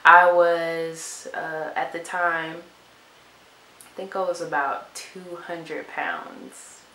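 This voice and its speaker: A young woman vlogger talking softly and from the heart, in a casual chat to camera. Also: low voice, drawn-out words. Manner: soft-spoken and heartfelt. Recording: echoey room with faint hiss.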